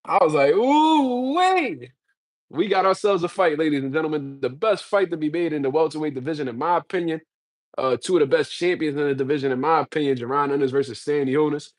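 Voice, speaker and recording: A man's voice: a little high, dry recording, clean studio sound. A man giving casual, profane boxing commentary, blunt and slangy, ranting heatedly straight to his viewers.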